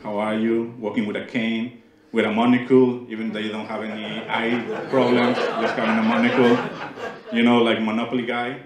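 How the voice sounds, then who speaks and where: A man's voice: mid-range voice, level tone, normal speed, over a noisy crowd. A young man from Mexico with a Mexican Spanish accent, Spanish as his first language, performing a playful stand-up set and teasing the audience on a small club stage. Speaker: stand-up comedian. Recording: roomy club sound. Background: audience laughter.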